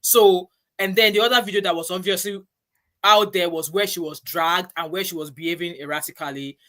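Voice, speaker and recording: A woman's voice: fairly low pitch, fairly even intonation, brisk, a bit bright. A woman hosting a casual panel chat, emphatic and repeating herself. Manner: emphatic, repeats herself, rises when stirred. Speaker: host.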